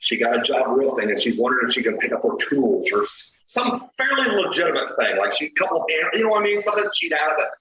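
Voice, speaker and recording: A middle-aged man telling a dating story as a podcast guest, animated, swearing and acting out the quoted lines. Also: mid-range voice, fast, hardly any pauses, echoey room, a little hiss or hum, poor audio. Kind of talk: casual storytelling.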